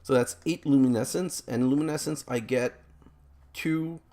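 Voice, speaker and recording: A man's voice: medium pitch, normal speed, dark tone. A man giving rambling, self-mocking let's play commentary as he plays a game, groaning about his own mistakes.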